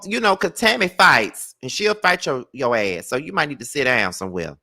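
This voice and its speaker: A man hosting a live celebrity gossip chat, sassy and animated, scolding with sudden high exclaims and drawling "child" and "honey". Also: moderate pace, few pauses, dry recording. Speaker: gossip show host.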